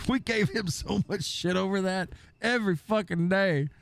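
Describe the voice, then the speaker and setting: A young man chatting with his stream viewers, swearing freely as he tells stories with lots of energy. His voice sits a little high for a man. Faint music plays underneath. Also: a little slow, long pauses. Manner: profane, animated storytelling with mocking impressions. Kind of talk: casual chat with stream viewers.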